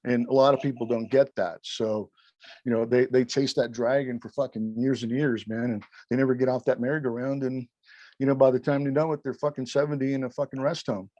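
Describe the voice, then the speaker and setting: Profane, rambling former referee telling stories. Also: male voice, mid-range voice, fairly quick, dry recording, highs cut off. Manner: animated, swears constantly, acts out quotes. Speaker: former wrestling referee, interview guest.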